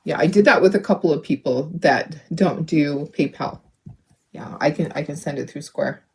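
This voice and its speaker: A woman's voice: low voice, moderate pace, breathy edge. A middle-aged woman hosting a craft video, chatting casually and rambling as she paints, laughing often and talking to her viewers. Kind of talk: casual chat while painting.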